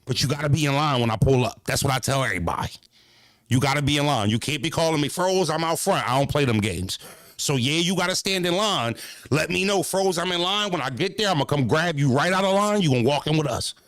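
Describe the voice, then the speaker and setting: A man's voice: a little high, animated, quick pace, a bit bright, dry recording, studio quality. Brash profane male streamer. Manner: brash, profane, rambling, repeats himself. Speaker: streamer and battle-rap commentator. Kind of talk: casual stream talk.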